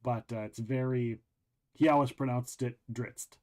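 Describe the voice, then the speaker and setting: A man hosting a show, casually chatting while walking through a video game, rambling with many pauses and restarts. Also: mid-range voice. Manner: rambling, relaxed, lots of ums and restarts. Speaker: show host. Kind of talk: casual game walkthrough chat.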